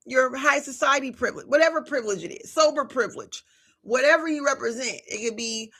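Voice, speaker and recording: A woman's voice: high-pitched, brisk, pushed and bright, husky. A woman giving a live collective tarot reading, talking casually and directly to her viewers with slang and frequent chatty asides. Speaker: tarot reader.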